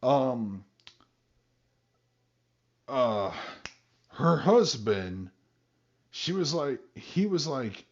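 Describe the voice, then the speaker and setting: Hombre de voz expresiva, sonido apagado. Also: male voice, medium pitch, sing-song, very slow, long pauses, a little mellow, muffled recording. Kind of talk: casual chat.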